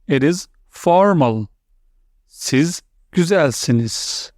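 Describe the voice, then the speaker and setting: A man teaching a language lesson, repeating words slowly and clearly, with small slips in his English. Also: a little high, darkish tone, no room sound, clean studio sound. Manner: non-native English with small grammar slips. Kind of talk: slow, deliberate language lesson.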